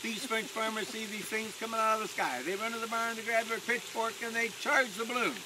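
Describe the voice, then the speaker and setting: A man with a fairly high voice spins a playful story for his balloon passengers, teasing them and laughing at his own jokes. He is outdoors, and a loud vehicle rumbles behind him. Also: fairly even intonation, brisk, noisy background. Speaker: hot air balloon pilot.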